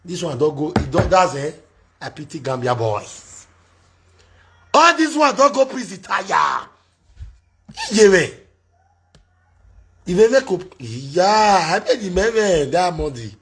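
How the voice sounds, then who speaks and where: A man hosting a casual live-stream chat in Nigerian Pidgin, animated and insistent, often cutting in. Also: sits high, slow pace, pauses often. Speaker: host.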